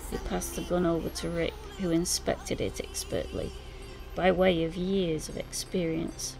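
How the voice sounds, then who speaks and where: A woman reading an audiobook in measured, scripted narration. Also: lowish voice, little pitch movement, creaky, low-quality recording. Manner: slow, measured reading with voiced dialogue. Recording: music bed under narration.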